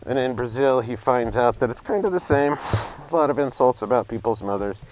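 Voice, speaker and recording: A man's voice: medium pitch, expressive, normal speed. A man in a middle register tells a long joke in a loose, rambling way, often stopping to correct himself and reaching for fillers. The sound is a bit dull and muffled, with a faint hiss in the background. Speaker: joke teller and painter. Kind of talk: rambling casual storytelling.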